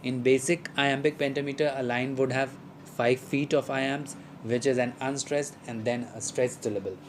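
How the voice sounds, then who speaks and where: Man, mid-pitched, explanatory lecture on poetry, uh-filled restarts, faint hiss behind. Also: fairly even intonation, moderate pace, poor audio. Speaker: literature teacher.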